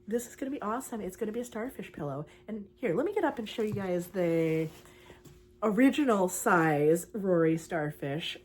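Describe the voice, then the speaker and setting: A young woman, chatting casually and excitedly about her crochet project for her vlog, with lots of fillers. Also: medium pitch, normal speed, a little hiss or hum. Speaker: crochet vlogger.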